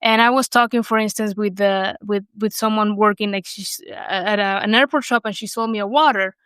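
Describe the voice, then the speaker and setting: A woman's voice: mid-range voice, steady tone, brisk, fairly bright tone, clear, resonant tone, no room sound. A young woman from Argentina with an Argentine Spanish accent, whose first language is Spanish, telling her story in an interview with lots of fillers and restarts. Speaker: guest. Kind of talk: conversational interview.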